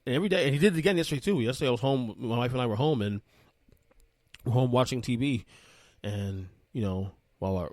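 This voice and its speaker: Male podcast host, thirties, casual and animated storyteller, dry recording. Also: fairly low pitch, dry recording. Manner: rambling, animated, with frequent restarts.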